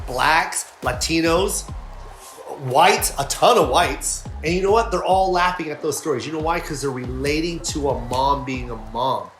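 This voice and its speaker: A man's voice: on the high side, a bit bright, roomy sound. A male comedian talking in an interview, emphatic and indignant, with a lot of swearing. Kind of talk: animated interview talk.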